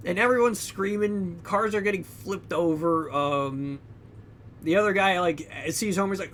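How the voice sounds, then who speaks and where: A young man co-hosting a podcast, casually retelling a movie plot with lots of "like" and "you know", acting out characters in loud, high bursts. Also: normal speed, a little hiss or hum. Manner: heavy use of fillers like "like" and "you know". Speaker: podcast co-host. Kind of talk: casual film recap.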